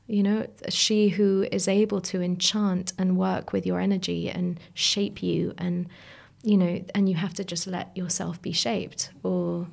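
A woman with a low-pitched, gravelly voice that has a lot of fry. She talks in a thoughtful, searching way, circling her ideas and restarting phrases. At times she drops into a breathy near whisper. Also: darkish tone. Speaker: podcast guest. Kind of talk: reflective conversational chat.

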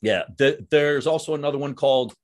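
A man's voice: medium pitch, brisk. A young adult man hosting a podcast, chatting casually and swearing freely, saying "dude" and "like" a lot. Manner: animated, swears freely, says "dude" and "like" often. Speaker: podcast host. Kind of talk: casual chat.

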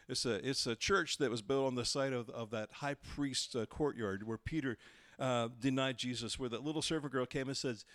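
Male pastor, mid-pitched, expressive sermon delivery, dry close recording. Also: moderate pace, dry recording. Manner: animated storytelling, acting out quoted voices.

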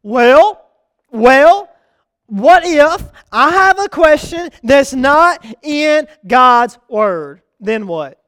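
A young man preaching a sermon, telling a story and moving between loud calls and soft, confiding asides. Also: very high-pitched, big pitch swings, drawn-out words, dry recording.

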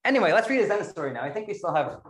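A man with a fairly high voice gives a relaxed dharma talk as a Zen practice leader. He talks in a chatty, self-deprecating way and laughs often as he tells his story to an online group. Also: very fast.

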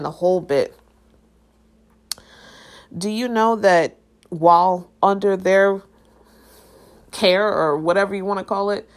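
A young adult woman hosting a podcast, telling a personal story in a blunt, animated and profane way. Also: on the low side. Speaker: podcast host. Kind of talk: casual storytelling.

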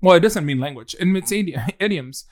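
A man's voice: high voice, lively intonation, fairly quick. A man with a somewhat raised voice chats playfully with a friend, teasing and slipping into Spanish now and then. The sound is dry and close, with no room echo. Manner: playful, bilingual, slips into Spanish phrases. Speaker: podcast co-host. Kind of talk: casual chat.

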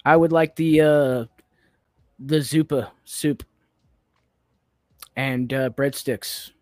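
A man's voice: medium pitch, steady tone, slow pace, darkish tone, no room sound. A man co-hosting a comedy podcast, playing through improv scenes in a hesitant, stammering, playful way. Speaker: podcast co-host.

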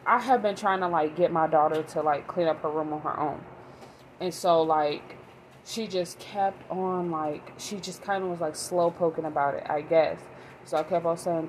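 Young mom vlogger, lowish voice, loose rambling delivery full of "like" and "um", faint room hum behind. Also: female voice, poor audio. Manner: rambling, many fillers and restarts. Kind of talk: casual rambling talk to camera.

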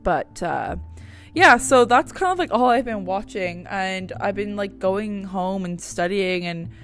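A woman's voice: medium pitch, expressive, measured pace, fairly bright tone, soft background music. A young woman, hosting a podcast in a rambling, chatty way, swearing casually as she talks from home. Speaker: podcast host. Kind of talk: casual chat.

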